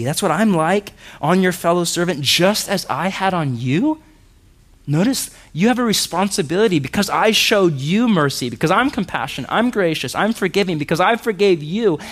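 Conversational preacher with a higher voice. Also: male voice, animated, normal speed, fairly bright tone. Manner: conversational preaching, rhetorical questions to the congregation. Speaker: pastor. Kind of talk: sermon.

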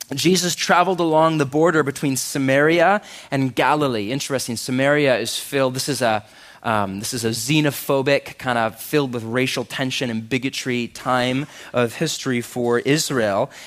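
Animated man preaching a sermon. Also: medium pitch. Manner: animated, acts out Bible voices and swings loud and soft. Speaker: pastor.

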